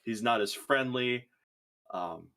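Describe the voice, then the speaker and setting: A man's voice: medium pitch, slow, bright, forceful tone, slight background noise. A man running a tabletop game as game master, narrating in an easygoing way with frequent laughs and fillers.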